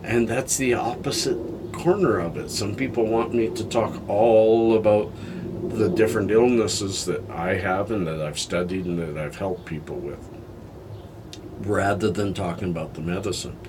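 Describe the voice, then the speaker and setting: An older man talking candidly in a personal vlog, halting and heartfelt, sounding tired and emotional. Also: lowish voice, noisy background. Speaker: health vlogger.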